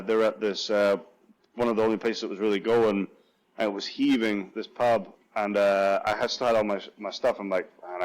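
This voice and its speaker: A man's voice: fairly low pitch, low-quality recording. A young Scottish man, a football punter and guest, telling stories in a casual chat, laughing often and acting out what others said. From Scotland. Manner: animated storyteller, laughs often, acts out quotes.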